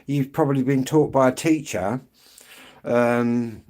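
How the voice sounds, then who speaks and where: A man's voice: medium pitch, slow pace, darkish tone. Rambling English man chatting on a stream. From England. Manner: rambling, chatty, frequent throat-clearing. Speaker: live-streamer. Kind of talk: casual live-stream chat answering viewers. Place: outdoors on an evening street walk.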